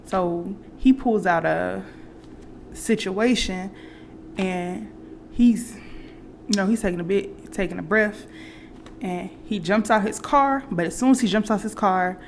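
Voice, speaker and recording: Woman talking through a movie plot, gravelly fry, mid pitch, loose and chatty. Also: measured pace, long pauses, a little hiss or hum. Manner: rambling retelling with fillers and restarts; acts out quoted characters. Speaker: movie reaction vlogger. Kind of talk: casual movie recap.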